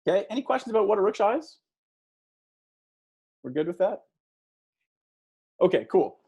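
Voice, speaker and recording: A man's voice: high-pitched, sing-song, moderate pace, gravelly, warm tone, husky, lo-fi sound. A man giving a guest talk to a class, telling a story conversationally and asking the audience for shows of hands. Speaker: guest speaker.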